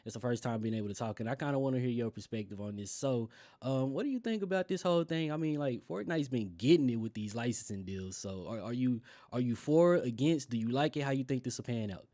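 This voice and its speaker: A man's voice: mid-range voice, fast, warm tone, no room sound. A joking male podcast host on a dry mic. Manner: joking, laughs often. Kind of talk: casual chat. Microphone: online call.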